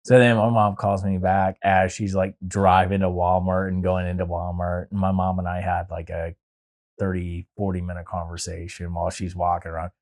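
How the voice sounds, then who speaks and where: A man's voice: low voice, completely flat delivery, normal speed, darkish tone. A young man, a podcast guest, telling a long personal story in casual chat, full of filler words like "like" and "dude".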